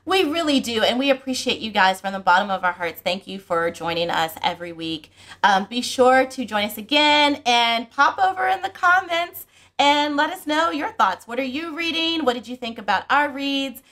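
Middle-aged woman, book vlog host, higher voice, casual animated storyteller. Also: normal speed. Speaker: book channel host and mother. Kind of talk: casual family chat.

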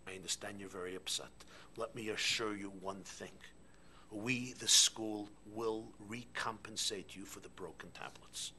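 A man acting out an earnest, apologetic male school principal in a joke, speaking softly and half-whispered. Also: lowish voice, steady tone, measured pace, slight background noise. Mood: soothing.

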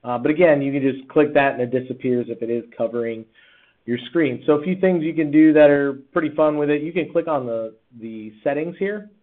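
A man, a teacher, talking casually through a screen-recorded software tutorial with lots of fillers and restarts. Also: a little high, a little fast. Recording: tinny, phone-like sound.

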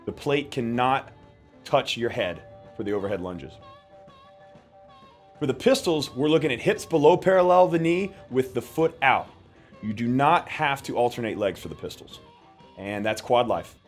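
A man coach explaining workout standards for a fitness competition in a steady, instructional way. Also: medium pitch, moderate pace, long pauses, faint music behind.

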